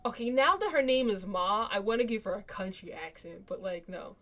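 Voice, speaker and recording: A woman streamer narrates a story game in a casual, chatty way, breaking off from the text to comment. Her voice sits at an ordinary middle pitch. Soft music plays faintly underneath. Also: lively intonation, a little fast. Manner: reads the story aloud, chatting and laughing in between.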